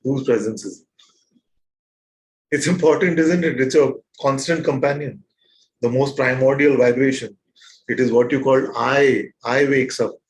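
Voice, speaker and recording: A man leading a satsang as spiritual teacher, probing his listeners with repeated questions in a gentle, playful way. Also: medium pitch, measured pace, long pauses, rough recording. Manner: gentle and playful, with soft laughs. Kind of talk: satsang teaching to a live group.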